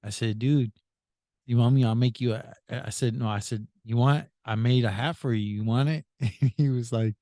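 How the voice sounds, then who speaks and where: A man's voice: medium pitch, steady tone, normal speed, mellow, no room sound, studio quality. Man telling a rambling, laughing story. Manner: retells with many "I said", laughs often. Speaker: podcast host. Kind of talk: casual storytelling.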